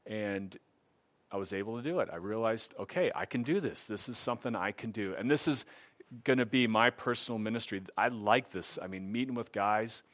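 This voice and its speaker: A middle-aged man shares his personal faith testimony, casual and earnest, and perks up whenever he quotes someone else. His voice sits on the low side, with a brisk pace and a fairly bright tone.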